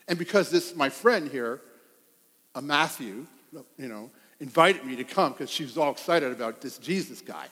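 A male pastor preaching a sermon, telling stories in an animated way and laughing at his own tales. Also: mid-range voice, normal speed. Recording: long hall reverb.

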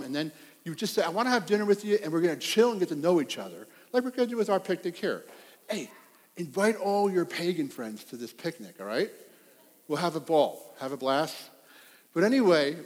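A high-pitched man preaching a sermon in a church hall, animated and full of stories. He often laughs at his own tales as he tells them. A long reverb trails every phrase. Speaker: pastor.

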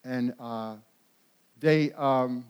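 A pastor preaching a sermon, animated and emphatic. He rises to loud peaks and often repeats and restarts words. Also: medium pitch, very slow, clean tone.

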